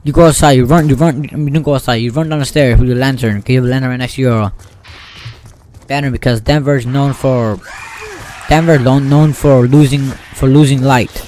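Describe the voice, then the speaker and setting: Excitable rambling gaming YouTuber, a man. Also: mid-range voice, fairly quick, slight background noise. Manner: rambling, excitable, acts out sound effects. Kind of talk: casual storytelling over gameplay.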